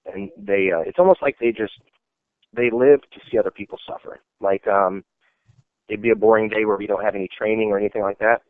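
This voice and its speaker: A fairly low-pitched man with a steady tone talks briskly, rambling through casual stories packed with "like" and "you know." He's an army veteran, and the recording is dry with a tinny, phone-like quality.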